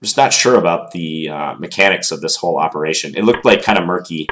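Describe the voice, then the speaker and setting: A man's voice: low voice, animated, quick pace, a bit bright. A man with a stuffed-up voice from a cold, casually thinking aloud through a chess game and hedging with filler words. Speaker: chess commentator.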